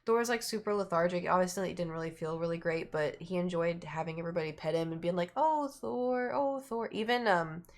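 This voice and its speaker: A woman streamer talks fast with few pauses and a steady tone, rambling through a long, chatty story. When she quotes the people in it, she acts them out by raising her pitch.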